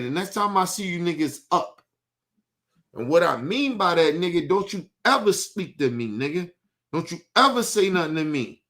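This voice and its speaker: A man's voice: sits high, bright, forceful tone. A young man on a livestream, ranting heatedly and profanely, repeating himself as he vents. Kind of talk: livestream rant.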